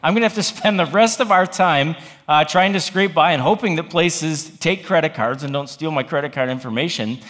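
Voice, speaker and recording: Male pastor, slightly higher voice, dry self-deprecating sermon storyteller; long hall echo. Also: a little fast, fairly bright tone. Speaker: campus pastor.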